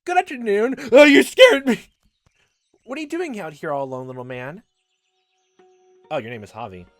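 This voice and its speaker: A gamer voicing an earnest, flustered young woman traveler in a raised, lively voice while reading a visual novel aloud, with faint game music behind. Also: medium pitch, fairly quick, no room sound, pitched below the performer's own voice. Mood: friendly. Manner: bright, eager and easily flustered.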